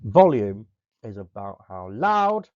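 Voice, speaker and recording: A male drama teacher from Somerset, clearly explaining stage terms and vocal skills in a recorded lesson. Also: lowish voice, very animated, slow, darkish tone, dry recording. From Somerset, England. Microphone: close desk microphone. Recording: dull, lo-fi dry recording.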